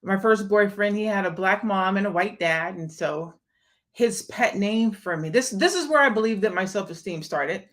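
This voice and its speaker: A woman's voice: medium pitch, normal speed, a bit bright. A young adult woman hosting a casual live stream, talking candidly and emphatically to viewers and greeting them by name. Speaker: live stream host and event promoter.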